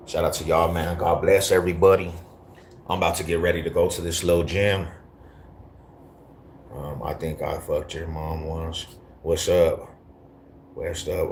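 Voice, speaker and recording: Deep-voiced east denver dude on a live stream, chill and cussing a lot. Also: male voice, a little mellow, slight background noise. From Denver, Colorado. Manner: slangy, profane, laid-back banter. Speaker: livestreamer reading chat. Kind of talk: casual live-stream chat.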